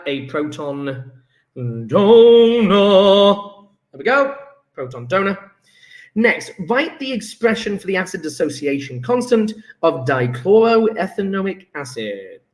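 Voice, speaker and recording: With a high-pitched, slightly bright voice, a male chemistry teacher talks his way through homework answers, eager and talkative, reasoning aloud. It's a recorded homework review lesson in a classroom, and the room echoes.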